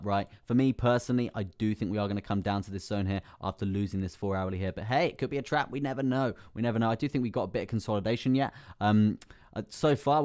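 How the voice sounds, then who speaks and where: A young man with a medium-pitched, somewhat dark voice runs a casual crypto live stream. He chats with viewers, reads their names from the chat aloud, and fills his talk with fillers and frequent laughter.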